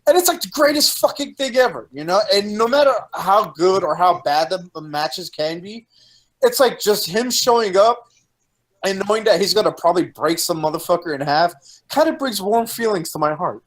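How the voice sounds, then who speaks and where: A man chatting on a video call in a profane, excitable way. His pitch swings widely and he breaks into laughter often. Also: moderate pace, low-quality recording. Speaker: co-host of a wrestling chat show. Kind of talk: casual chat.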